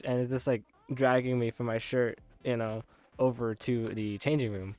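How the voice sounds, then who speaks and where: A man's voice: medium pitch, fairly even intonation, moderate pace, darkish tone, clean tone. Rambling young man telling a dream. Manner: rambling, many filler likes, laughing often. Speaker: content creator. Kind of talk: casual storytelling of a dream.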